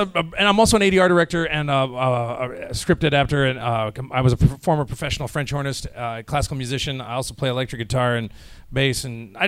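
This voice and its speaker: A man's voice: medium pitch, a bit bright, smooth, no echo. A tired, jet-lagged man speaking casually to a live audience at a convention panel, rambling and joking with many restarts. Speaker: convention panel guest, voice actor. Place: convention hall panel room.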